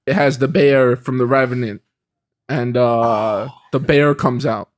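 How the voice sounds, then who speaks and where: A man on a comedy podcast, improvising an absurd story in a rambling, animated way with frequent laughs. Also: mid-range voice, moderate pace, no echo, clean studio sound. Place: podcast studio.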